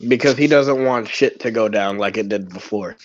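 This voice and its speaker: A man's voice: fairly low pitch, moderate pace, muffled recording. Rambling male tabletop player. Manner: rambling, repeats himself, frequent fillers. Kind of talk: casual game table chat.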